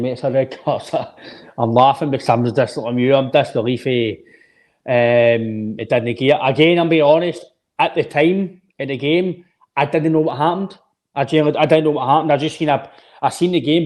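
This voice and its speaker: Emphatic Scottish man, slightly high voice. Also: fairly even intonation, normal speed, a little mellow. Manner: emphatic, restarts phrases often, says "mate" a lot. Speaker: podcast co-host. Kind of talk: casual football chat.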